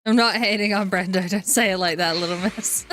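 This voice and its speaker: Bright-voiced woman chatting on a live game stream. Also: mid-range voice, fairly quick, a little hiss or hum. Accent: New Zealand. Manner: relaxed, chatty, laughs often, talks to her dog. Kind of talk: casual chat while gaming.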